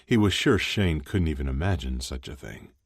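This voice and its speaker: A man narrates a story in a steady, even storytelling delivery. His voice is extremely low and deep. The recording is close and dry, with no room sound. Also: normal speed, slightly rough, dry recording. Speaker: audiobook narrator. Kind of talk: scripted narration.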